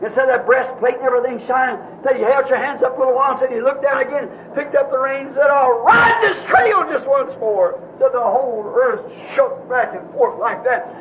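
A man with a very high voice preaches, retelling a story in a folksy, rambling way. The sound is dull and muffled like an old tape, with a faint hiss underneath. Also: fairly even intonation, a little fast, hardly any pauses. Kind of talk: sermon storytelling.

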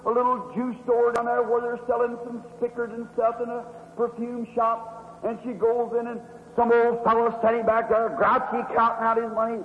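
A man's voice: extremely high pitch, monotone, moderate pace. A man preaching a revival sermon, telling the story in a dramatic, fervent way with sweeping rises and drops. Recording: echoey hall, dull lo-fi with faint hum.

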